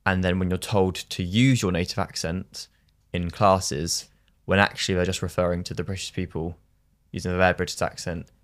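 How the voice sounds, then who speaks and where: A man's voice: sits low, flat delivery, moderate pace. A young man hosting a casual podcast interview, speaking thoughtfully with hesitant fillers. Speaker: podcast host.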